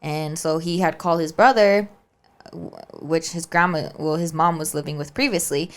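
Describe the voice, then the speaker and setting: A woman co-hosting a podcast casually tells a spooky story, staying chatty and constantly checking in with "right?" and "like." She has a deep, steady voice at a moderate pace.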